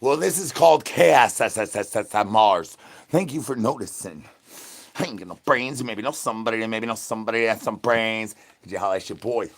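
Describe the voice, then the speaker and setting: A man's voice: lowish voice, a little fast. A young man talking into his phone on a live stream, rambling in a playful, sing-song way full of nonsense catchphrases.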